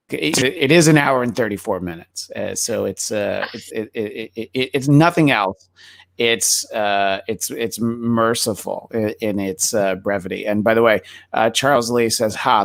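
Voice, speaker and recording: Male podcast host, low gravelly voice, halting casual chat. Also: fairly bright tone, dry recording. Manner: hesitant, many restarts and fillers. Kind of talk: casual movie talk.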